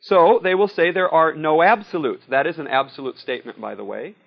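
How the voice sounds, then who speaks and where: A man's voice: fairly high pitch, fairly quick, vocal fry. A man giving a sermon in a conversational way, telling personal stories and often checking in with "See?" and "Okay?". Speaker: preacher. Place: room with a live audience. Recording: dull lo-fi recording.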